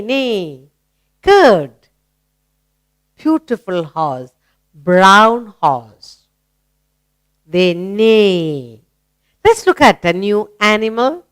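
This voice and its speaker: A woman with an Indian English accent teaching a children's English lesson, asking simple questions and praising answers in a slow, encouraging sing-song. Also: on the high side, fairly bright tone, clean tone.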